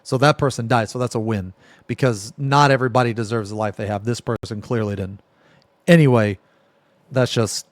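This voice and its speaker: A man's voice: mid-range voice, fairly even intonation, moderate pace, no echo. A man streaming, giving blunt, profane, heated reaction commentary in casual talk.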